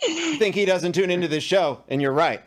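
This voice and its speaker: A man's voice: sits high, sing-song, fairly quick, crowd noise. A man co-hosting a comedy show, joking around in casual banter. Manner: playful, joking. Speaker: comedy show co-host and musician.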